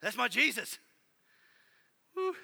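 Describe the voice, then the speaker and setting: A man preaching a sermon in an animated, exclaiming way, sometimes running short of breath. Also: extremely high pitch, takes it slowly, creaky. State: out of breath at times. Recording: reverberant hall.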